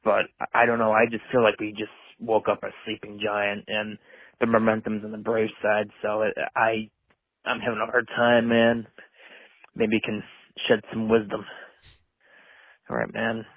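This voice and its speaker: A man's voice: fairly low pitch, monotone, normal speed, dry recording. Downcast male caller on a tinny phone line. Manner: downcast, hesitant, many fillers. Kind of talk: call-in to a sports talk show.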